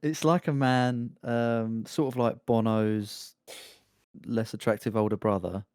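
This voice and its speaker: A man's voice: fairly low pitch, steady tone, a little slow, a little mellow, clean tone, dry recording, clean studio sound. A British man co-hosting a comedy podcast, bantering in a laid-back way and chuckling. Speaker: podcast co-host. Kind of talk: casual comedy podcast chat.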